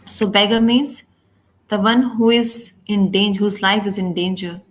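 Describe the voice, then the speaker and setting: A woman's voice: medium pitch, fairly even intonation, moderate pace. Woman giving a storytelling devotional class. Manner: storytelling, acts out quoted speech; frequent restarts and self-corrections. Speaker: spiritual teacher.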